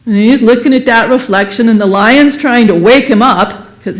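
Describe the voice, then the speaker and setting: Animated, higher-voiced woman telling a parable. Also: moderate pace. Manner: animated, expressive storytelling. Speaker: speaker at a Sunday service. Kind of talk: sermon with storytelling.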